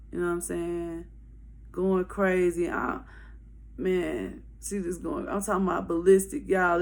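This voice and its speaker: A woman telling a wild story to her viewers in casual slang, animated, profane and laughing. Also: lowish voice.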